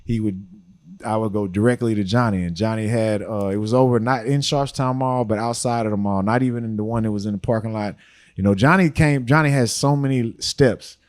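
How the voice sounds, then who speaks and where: A man's voice: on the low side, fairly quick. Laid-back man telling stories. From Houston, Texas. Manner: relaxed, rambling, lots of "you know". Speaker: podcast guest, rapper. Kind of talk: storytelling interview talk.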